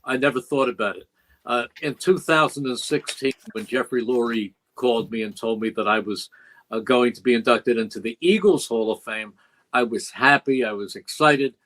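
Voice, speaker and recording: Guesting on a podcast in the studio, a veteran play-by-play broadcaster in his later years tells stories in a mid-range, fairly bright voice at normal speed. He reflects with emotion and quotes dialogue along the way, all captured on a low-quality recording.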